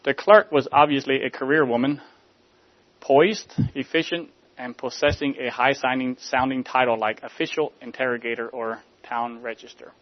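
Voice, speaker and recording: A man delivering a sermon in a measured, rhetorical way, letting line endings fall soft. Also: mid-range voice, highs cut off. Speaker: preacher.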